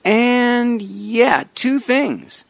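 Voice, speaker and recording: A male pastor hosts a relaxed Bible study chat with a high voice. His speech rises and falls a lot as he teases and explains slowly. The sound is dry and close. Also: creaky, no echo. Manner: easygoing, teasing, explains slowly with pauses. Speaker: pastor and show host.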